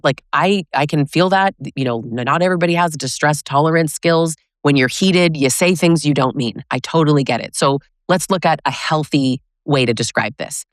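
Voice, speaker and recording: Blunt, low-voiced woman giving advice. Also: dry recording, studio quality. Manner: emphatic, blunt, speaks straight to the viewer. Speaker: host. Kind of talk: direct-to-camera advice monologue.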